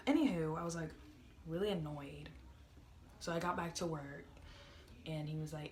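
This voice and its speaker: A young woman tells her camera a work story in a chatty, exasperated storytime vlog full of fillers. Her voice is deep, at normal speed with frequent pauses, and there's slight background noise.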